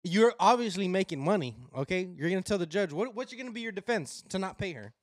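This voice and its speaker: A young man co-hosting a podcast, telling stories in casual chat and acting out loud impressions of the people he quotes. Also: high voice, animated, quick pace, dry recording. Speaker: podcast co-host.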